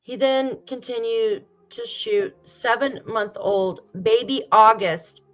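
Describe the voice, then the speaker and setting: A woman hosts a casual livestream and talks in a slow, unhurried way, addressing her viewers and fighting back tears. The audio is dull and lo-fi, and faint music plays behind her. She sighs often between her words. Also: a little high. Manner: talks straight to viewers, greets chat. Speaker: true crime livestream host. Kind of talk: casual livestream commentary, reading posts aloud.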